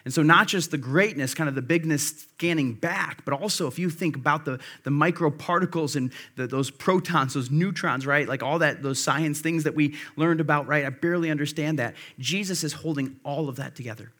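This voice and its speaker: A pastor preaching a sermon in a conversational way, with fillers and restarts, slowing and dropping quiet to stress key phrases. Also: male voice, a little high. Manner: drops to a slow, quiet emphasis on key phrases.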